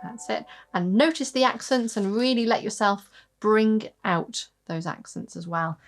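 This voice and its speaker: A woman's voice: medium pitch, measured pace, faint music behind. Patient woman teaching harp. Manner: patient, counts aloud and sings rhythms. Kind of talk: online music lesson. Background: harp playing.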